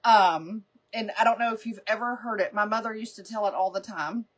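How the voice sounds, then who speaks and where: On a live makeup stream, a chatty woman meanders from story to story, with laughter breaking in often. Her voice is mid-range and fairly quick.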